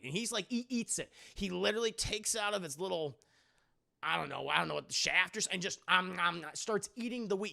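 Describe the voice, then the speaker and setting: Gravelly, profane streamer recapping a film. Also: male voice, high voice, expressive, a little fast, bright, forceful tone. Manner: rambling, profane, laughing, acting out scenes. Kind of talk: casual spoiler review to live chat.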